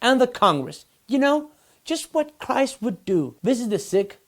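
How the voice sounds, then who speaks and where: A man's voice: extremely high pitch, very animated, unhurried. A man hosting a satirical comedy news show, delivering mocking, sarcastic punchlines. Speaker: host.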